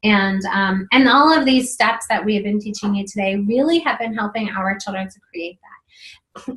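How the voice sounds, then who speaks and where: A woman's voice: mid-range voice, fairly bright tone, rough recording. A middle-aged woman hosting a marriage video series, talking to camera in an earnest, encouraging way with many fillers. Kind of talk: casual talk to camera.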